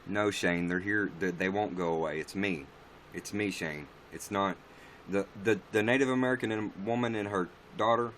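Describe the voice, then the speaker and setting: A man with a deep, low-pitched voice chats on a casual livestream and answers viewer comments as they come in. He rambles bluntly and swears freely. A faint hum of noise sits behind him. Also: normal speed, fairly bright tone.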